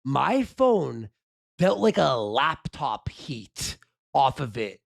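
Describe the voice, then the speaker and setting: A man's voice: medium pitch, sing-song, takes it slowly, gravelly, dry recording, clean studio sound. A man co-hosting a live stream, giggling often and swearing casually. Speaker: co-host.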